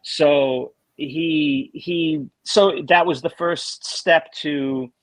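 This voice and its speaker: A man being interviewed as a guest drummer, telling anecdotes in a casual, animated way and often restarting his sentences. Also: fairly high pitch, very slow, dry recording, rough recording.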